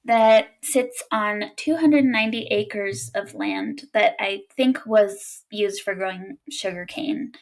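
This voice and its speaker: Slow-talking young woman, giggly co-host. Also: medium pitch, steady tone, rough recording. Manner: giggly, frequent laughs. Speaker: podcast co-host. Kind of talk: casual chat and storytelling.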